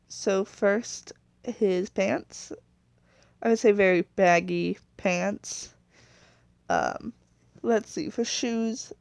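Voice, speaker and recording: A woman's voice: mid-range voice, gravelly, a little mellow, dry recording. A woman casually narrating as she designs a character, rambling, correcting herself and trailing off, sometimes apologetic. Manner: chatty and apologetic. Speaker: video creator.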